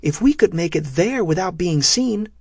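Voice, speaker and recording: A man voicing a calm young female navy lieutenant offering a plan. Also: sits high, moderate pace, no room sound, studio quality, voice pushed up. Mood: suggesting.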